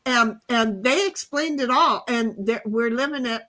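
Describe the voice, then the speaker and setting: A woman's voice: fairly high pitch, unhurried, sharp tone. A woman co-hosting a casual livestream chat, ranting bluntly and swearing freely. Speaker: livestream co-host.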